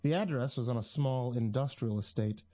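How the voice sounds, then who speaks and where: A man narrating a first-person horror story in a tense, measured way. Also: medium pitch, warm tone, dry recording, lo-fi sound.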